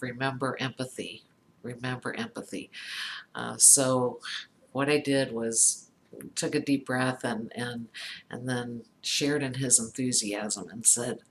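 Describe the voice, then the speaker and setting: A middle-aged woman speaking slowly and thoughtfully. She recounts a personal story and often pauses with fillers and restarts. A faint hum of room ambience sits behind her. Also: very deep voice, steady tone. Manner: halting, many fillers and restarts. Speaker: psychologist talking about empathy.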